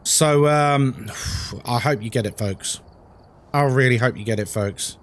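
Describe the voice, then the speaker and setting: A man's voice: mid-range voice, a little slow, a little hiss or hum. A man with a London accent, live-streaming a horror game and chatting with viewers about their comments. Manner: chatty, answers chat comments. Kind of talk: live-stream chat while gaming.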